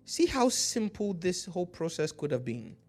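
A man with an African accent preaching a sermon, slowing down to read scripture aloud and calling out to his congregation. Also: high-pitched, big pitch swings. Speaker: pastor.

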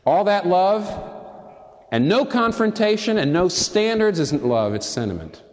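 Impassioned preacher in a reverberant hall. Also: male voice, very animated, unhurried. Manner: impassioned, swinging from high emphatic peaks to soft low asides; addresses listeners directly with rhetorical questions. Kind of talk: sermon. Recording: long reverb from a large hall.

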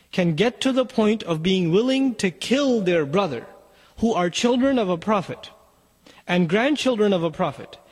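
Urgent preaching man, high voice. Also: breathy edge, in a large hall. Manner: urgent, exhorting, addresses parents directly. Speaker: Muslim speaker. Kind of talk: sermon.

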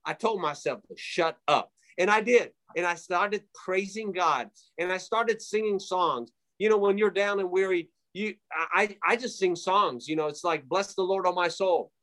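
A man's voice: sits high, normal speed, few pauses, bright, forceful tone. A man giving a fervent preaching testimony as a guest, emphatic and repetitive, with frequent fillers.

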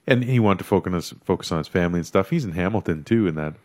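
Man, podcast co-host, low voice, animated storytelling. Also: very fast. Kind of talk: casual chat.

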